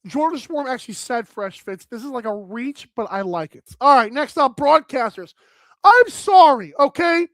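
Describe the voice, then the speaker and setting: A bubbly, animated woman chats casually through a fashion segment on a talk show. Her voice sits high, and the close mic gives it a dry sound with no room around it. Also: moderate pace, few pauses, dry recording. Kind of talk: casual chat.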